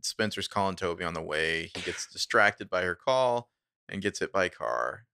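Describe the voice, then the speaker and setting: A man's voice: sits low, expressive, moderate pace, bright, forceful tone, smooth, no echo, studio quality. A man co-hosting a podcast, recapping a TV episode in a laid-back, chatty way with frequent laughs. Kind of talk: casual chat.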